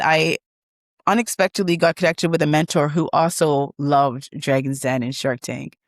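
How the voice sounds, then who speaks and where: Woman guest, animated and emotional storyteller, dry close sound. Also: low voice, dry recording. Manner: animated, emotional, acts out quoted dialogue. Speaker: guest, business founder. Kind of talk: conversational interview storytelling.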